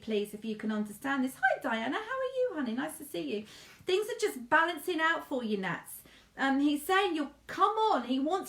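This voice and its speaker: A middle-aged woman gives a live psychic reading in a high, light voice. She keeps up a chatty flow, calling her listeners darling and love. The room around her rings with echo. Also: lively intonation, unhurried, fairly bright tone. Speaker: psychic medium.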